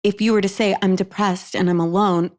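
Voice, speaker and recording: A woman's voice: mid-range voice, steady tone, a little fast, a little mellow. A woman co-hosting a podcast, talking in an earnest, emphatic way and swearing casually. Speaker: podcast co-host. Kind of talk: casual chat.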